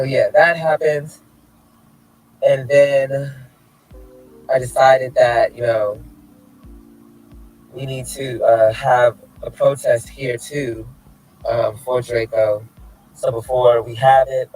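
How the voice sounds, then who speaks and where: A man's voice: medium pitch, steady tone, slow, long pauses, darkish tone, faint music behind, low-quality recording. Flamboyant man ranting to camera outdoors. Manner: flamboyant, theatrical, mocking. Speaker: activist filming a street vlog. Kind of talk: casual rant to camera. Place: outdoors in front of a building.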